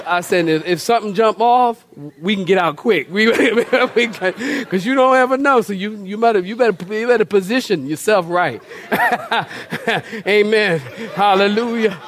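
A man's voice: high voice, moderate pace, fairly bright tone, slight background noise. A middle-aged man preaching a humorous, storytelling sermon in a church, often repeating words as he goes. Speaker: pastor.

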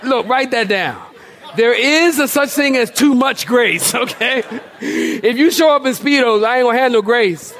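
A man's voice: extremely high pitch, measured pace, a bit bright, some chatter behind, slight background noise. A middle-aged man preaching a humorous, storytelling sermon in a church, often repeating words as he goes. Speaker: pastor.

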